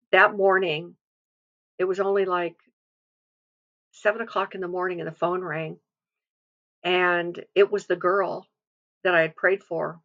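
A woman's voice: lowish voice, fairly bright tone, lo-fi sound. A woman giving an earnest devotional testimony, telling a story and quoting scripture. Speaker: devotional speaker.

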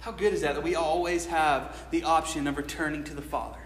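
A man's voice: a little high, steady tone, a little fast, slight background noise. A man preaching a sermon in a church, telling the story casually and with slang, acting out what people say. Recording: echoey hall with long reverb.

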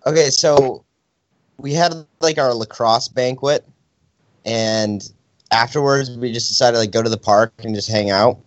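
A young man casually chatting as a podcast co-host, telling an animated story and acting out the people in it. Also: mid-range voice, measured pace, no echo. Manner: animated storyteller, acts out quotes. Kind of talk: casual chat. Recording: dry, slightly dull sound.

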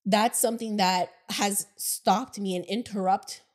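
A woman co-hosting a casual podcast, chatty and self-deprecating, often laughing, with a somewhat squeaky voice. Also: fairly even intonation, measured pace. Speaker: podcast co-host.

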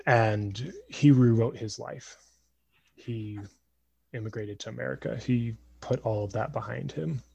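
A man in his twenties telling a family story casually on a podcast, animated and acting out voices. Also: mid-range voice, vocal fry, breathy edge, no room sound. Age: 20s.

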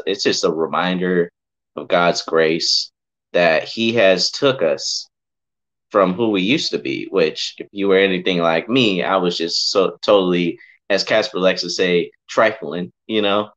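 A man's voice: sits low, unhurried, a bit bright. A man sharing his faith testimony in a casual podcast chat, heartfelt and emotional, often saying bro and man. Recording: muffled lo-fi audio.

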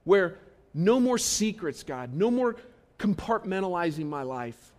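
Earnest pastor, slightly high voice. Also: male voice, sing-song, measured pace. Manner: earnest, repetitive, stresses key phrases, shifts between loud and hushed. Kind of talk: sermon. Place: church auditorium.

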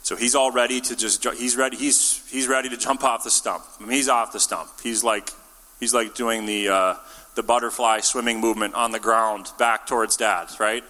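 A man preaching a sermon in a relaxed, joking way, acting out the characters he quotes. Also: mid-range voice, normal speed, long reverb tail. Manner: casual and jokey, acts out quotes. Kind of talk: conversational sermon. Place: church.

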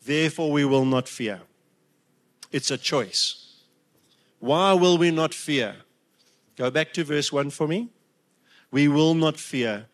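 A man preaching a heartfelt sermon, emotional at times, with halting restarts and rising emphatic peaks. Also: on the high side.

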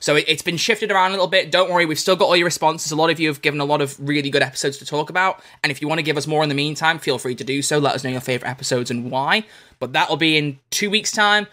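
Man, podcast host, casual chat, upbeat, joking, bright forceful voice, fast talker. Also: on the high side.

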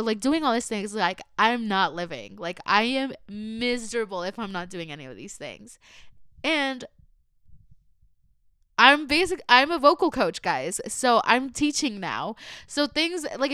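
A woman's voice: mid-range voice, fairly bright tone, smooth, no room sound, studio quality. A young woman hosting her own podcast, casual and earnest, chatting lots of "like" and slipping into phrases. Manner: emotional and earnest. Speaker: podcast host. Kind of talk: casual solo podcast chat.

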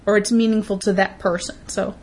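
A woman's voice: medium pitch, fairly even intonation, a little fast, darkish tone, slight background noise. A woman co-hosting a podcast, ranting bluntly and emphatically in casual chat, with frequent swearing. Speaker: podcast co-host.

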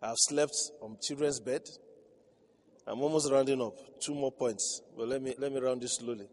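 Here a man of medium pitch preaches in a steady, slightly mellow voice at normal speed, with a little hiss or hum on the recording. As pastor, he weaves stories, laughs a lot, and rises to emphatic high points in a reverberant hall.

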